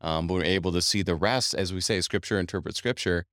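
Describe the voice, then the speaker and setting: A man hosting a Bible study radio show, chatting in a lively, questioning way with his guest. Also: low-pitched, fast talker, no room sound, clean studio sound. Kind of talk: casual Bible study talk.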